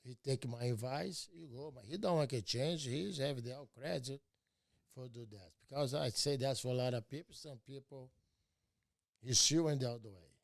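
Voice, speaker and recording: An older man from Brazil, a native Portuguese speaker with a Brazilian Portuguese accent, speaking halting, broken English in short phrases as a guest in a casual conversation. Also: medium pitch, creaky, no room sound, clean studio sound. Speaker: martial arts master, interview guest.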